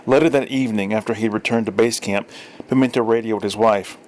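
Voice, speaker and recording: A man's voice: on the low side, fairly even intonation, a little fast. A man reading a story aloud in a dry, wry storytelling manner with small self-corrections. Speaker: story reader. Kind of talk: audiobook narration.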